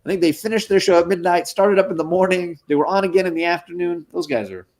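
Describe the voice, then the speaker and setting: A man's voice: high voice, fast talker, a crowd in the background. A man co-hosting a casual comic book live stream, upbeat and joking as he reads out names from the chat. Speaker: comic book show co-host.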